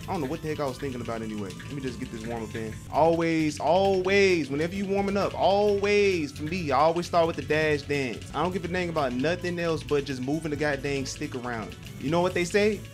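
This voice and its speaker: A young man streaming a game, rambling and swearing as he plays, with loud, animated reactions. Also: on the high side, fast, hardly any pauses, music in the background. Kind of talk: excitable gameplay commentary.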